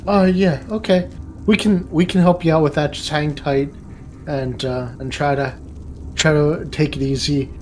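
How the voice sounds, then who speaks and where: A man playing a tabletop role-play, talking in an easygoing, halting way. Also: fairly high pitch, fairly even intonation, a little mellow, a little hiss or hum. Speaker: player.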